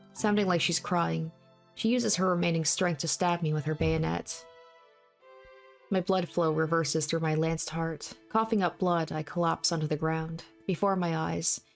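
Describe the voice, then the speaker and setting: A woman reading a visual novel aloud in the first person, in a steady, measured way. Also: low voice, creaky. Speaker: let's play narrator.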